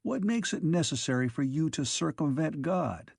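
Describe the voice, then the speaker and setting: A sharp male officer , read by a man, asks blunt, probing questions. The tone is dry and up-close, pitched a bit above the usual male range. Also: expressive, normal speed, creaky, breathy edge, no echo, exaggerated voice.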